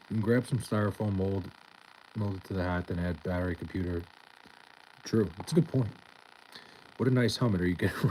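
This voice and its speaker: A young man casually reading out and answering chat on a live stream, laid-back and profane with a deadpan tone. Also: low voice, a little hiss or hum, rough recording.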